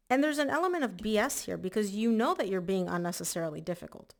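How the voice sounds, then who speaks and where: A woman giving a casual monthly tarot reading in a chatty, emphatic way, slightly hoarse and clearing her throat. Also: medium pitch, lively intonation, fast, hardly any pauses. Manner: chatty, emphatic, repeats words for stress. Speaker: tarot reader.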